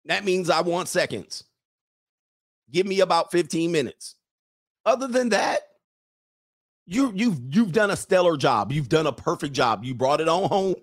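A blunt, provocative man coaching on relationships in a live-streamed monologue. He swings between loud, raised bursts and low muttered asides, with a dry, close sound and no room echo. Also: expressive, moderate pace. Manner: blunt, provocative, joking lecture.

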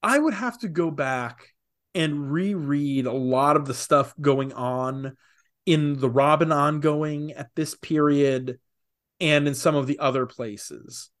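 A man co-hosting a casual podcast, talking opinionatedly with rapid asides. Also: fairly high pitch. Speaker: podcast co-host. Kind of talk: casual comics podcast chat.

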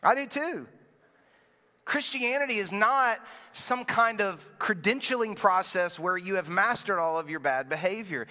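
Casual joking pastor in an echoing hall. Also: male voice, high-pitched, moderate pace, few pauses, pushed and bright. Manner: casual storytelling, self-deprecating jokes. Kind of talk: sermon. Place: church sanctuary. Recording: long reverb from a large room.

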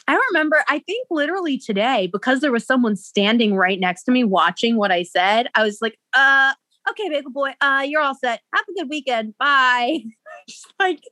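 A woman's voice: a little high, a bit bright, dry recording. A young woman co-hosting a podcast, telling a story in a bubbly, giggly way full of "like" fillers. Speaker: podcast co-host. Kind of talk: casual storytelling chat.

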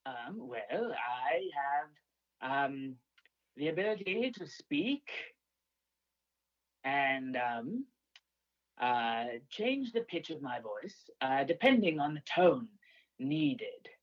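A man playing a pompous, befuddled royal herald calling into a comedy show, speaking in a halting, over-formal way with a put-on British-sounding accent. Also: medium pitch, sing-song, highs cut off. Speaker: caller. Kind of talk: improvised comedy call-in.

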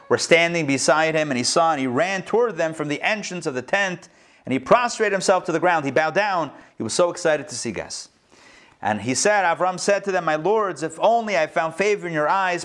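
A man teaching an online Torah class, lively and humorous, mixing Hebrew terms into his explanations. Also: a little high. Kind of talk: online Bible class with screen sharing.

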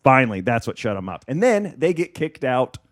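Animated, swearing male comedian telling a story. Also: mid-range voice, brisk. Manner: animated, profane, laughs often while telling a story. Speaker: comedian and podcast host. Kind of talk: casual storytelling chat.

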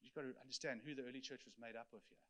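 A man's voice: medium pitch, fairly even intonation, very fast, a bit bright. A man preaching an earnest teaching sermon, explaining scripture and speaking directly to his congregation.

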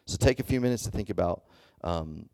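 Youth preacher, male, low voice; loose, chatty delivery, keeps checking the room. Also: animated, brisk, gravelly, darkish tone, dry recording, studio quality. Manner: conversational, checks in often with "okay?" and "does that make sense?"; loose and chatty, with many fillers and restarts. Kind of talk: casual sermon to a youth group.

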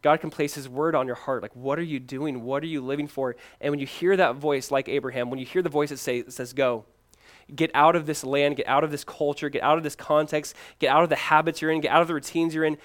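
Male pastor, sermon, fairly high voice, loud then hushed, repeats phrases. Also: steady tone, fast talker. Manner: preaching with big swings from loud emphasis to hushed pleading.

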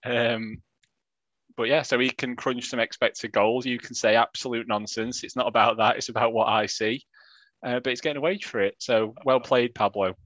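A man's voice: medium pitch, steady tone, normal speed, fairly bright tone, no echo, muffled recording. A man co-hosting a podcast, talking in a loose, rambling way with wry, self-deprecating asides. His voice sits in a middle register and is recorded close and dry, with no room sound around it. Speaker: podcast co-host. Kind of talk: casual chat.

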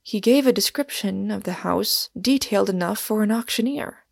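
A woman narrating a novel aloud in a measured, even storytelling manner. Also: medium pitch, creaky, no echo, clean studio sound. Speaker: audiobook reader.

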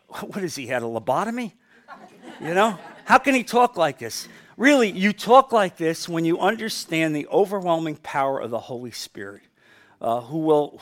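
A middle-aged male pastor from New Jersey preaching a sermon, swinging from loud to quiet with emphasis. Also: fairly high pitch.

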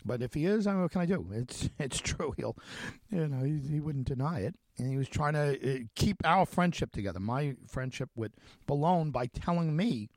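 A radio host telling a story in a monologue, speaking animatedly with many restarts and acting out the quoted conversations. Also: male voice, fairly high pitch, expressive, moderate pace, darkish tone, no echo. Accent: Long Island.

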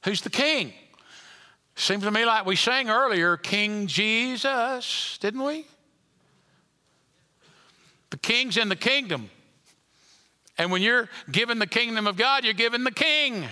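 A man preaching a sermon in a church, swinging from loud emphatic lines down to hushed, almost whispered endings. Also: extremely high pitch, slow, pauses often, clean tone. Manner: dynamic preaching, rising loud then dropping to near whisper. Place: church sanctuary. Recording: long hall reverb.

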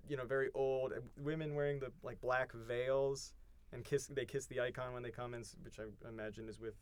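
A man co-hosting a casual chat, recapping an episode in a halting way with plenty of ums and restarts. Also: mid-range voice, fairly even intonation, clear, resonant tone, dry recording. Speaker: podcast co-host.

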